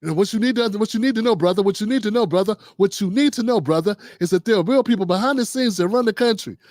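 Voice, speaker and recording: High-pitched man riffing on politics. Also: quick pace, dry recording, clean studio sound. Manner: loose, animated, riffing with slang and quoted voices. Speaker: host. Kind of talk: casual political commentary livestream.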